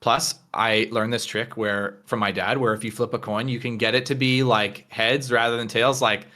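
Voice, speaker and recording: Drawling man with a bright, forceful voice. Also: medium pitch, little pitch movement, moderate pace. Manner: drawling, valley-talk with "um" and "like", swearing. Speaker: tabletop game player. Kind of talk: casual in-character game chat.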